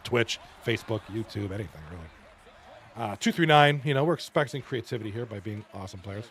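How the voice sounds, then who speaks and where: A man's voice: lowish voice, animated, fast, a bit bright, a little hiss or hum. Chatty man calling esports hockey. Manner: loose, chatty, swears, clears throat often. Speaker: league stream commentator. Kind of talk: casual esports commentary reading chat.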